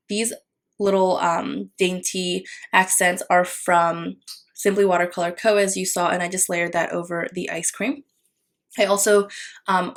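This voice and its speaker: Chatty woman narrating a planner vlog. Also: fairly low pitch. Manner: casual, chatty, with fillers and apologies. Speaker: planner vlogger. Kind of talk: plan-with-me voiceover narration.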